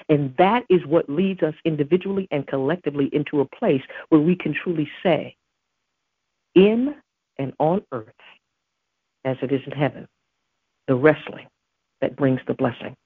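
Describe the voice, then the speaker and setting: A podcast host with a low, husky, breathy woman's voice preaches a devotional message, earnest in her emphasis and weaving in scripture. The recording is dry and narrow, like a phone line.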